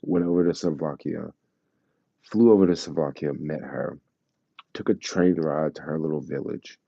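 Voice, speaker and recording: Deep husky-voiced man telling travel stories. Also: normal speed, dry recording, muffled recording. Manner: animated, acts out quoted voices, laughs, slangy. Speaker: vlogger telling travel stories to live chat. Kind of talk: casual storytelling chat.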